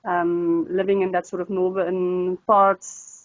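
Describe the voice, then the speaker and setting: A woman, an Afrikaans speaker talking in English as an interview guest, chatty and animated with many restarts. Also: lowish voice, slow pace, dry recording. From South Africa. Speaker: language tutor, interview guest. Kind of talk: casual interview. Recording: slightly dull, dry recording.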